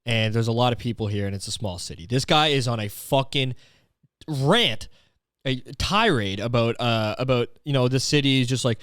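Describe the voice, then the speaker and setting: A man's voice: medium pitch, lively intonation, moderate pace, fairly bright tone, clean tone, dry recording, studio quality. A man hosting a comedy podcast, rambling through a story with lots of swearing, fillers and restarts. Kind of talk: casual comedic monologue.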